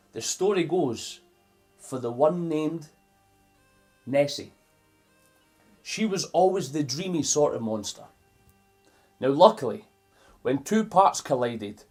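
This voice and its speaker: Husky-voiced Scottish man reading a storybook. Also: on the high side. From Scotland. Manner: animated and playful, stopping to explain words to young listeners. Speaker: children's storyteller. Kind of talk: reading a picture book aloud to children.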